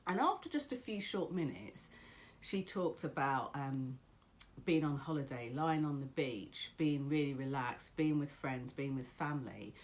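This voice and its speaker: Low-voiced woman, lively motivational storyteller. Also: a little slow. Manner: chatty, encouraging, storytelling. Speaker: motivational speaker. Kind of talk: casual motivational talk.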